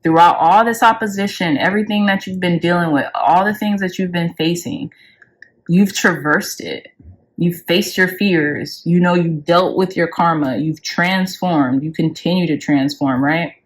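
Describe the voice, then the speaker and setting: A woman giving a pick-a-card tarot reading in an effusive, emotional way, with swings up in pitch on key words and casual swearing. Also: normal speed. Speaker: tarot reader.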